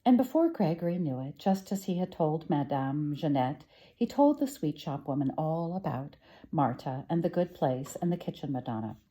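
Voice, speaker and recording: A woman storyteller reading a children's book aloud, gentle and expressive. Her voice is low and warm-toned. It moves in a lively, wide-ranging melody. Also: moderate pace.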